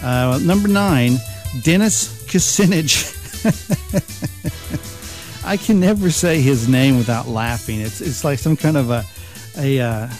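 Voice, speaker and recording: A man's voice: medium pitch, a little mellow. A man hosting a talk radio countdown, chuckling and joking with mocking asides. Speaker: radio talk show host.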